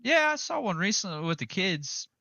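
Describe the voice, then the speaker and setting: A man's voice: high voice, very animated, normal speed, vocal fry, bright, forceful tone, dry recording. A man co-hosting a casual podcast chat, speaking in a laid-back way. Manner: laid-back, chuckles between remarks. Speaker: podcast co-host.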